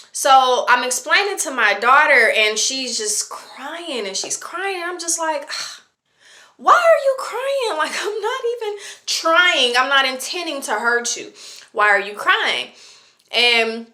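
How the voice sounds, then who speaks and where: A woman's voice: medium pitch, sharp tone. A woman in her late twenties talking casually to camera about parenting, chatty and reflective, with lots of fillers. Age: 20s. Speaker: vlogger.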